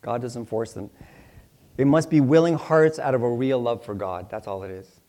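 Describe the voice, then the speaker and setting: A man's voice: mid-range voice, moderate pace, dark tone. Middle-aged pastor guy giving a chatty bible teaching, cracks jokes, does little voices for people. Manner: chatty and joking, acts out little dialogues in voices. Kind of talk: conversational Bible teaching sermon.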